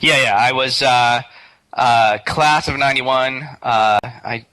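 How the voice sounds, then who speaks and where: A middle-aged man talking as the guest in a casual interview, relaxed and hesitant, with many fillers and restarts. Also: medium pitch, slow pace, low-quality recording. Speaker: interview guest, game developer.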